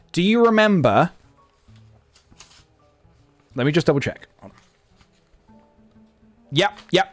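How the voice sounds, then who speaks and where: A young man chatting casually on a live stream, thinking aloud and rambling with plenty of ums. His voice sits at an ordinary middle pitch, recorded dry and close. Faint music plays underneath. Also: no room sound.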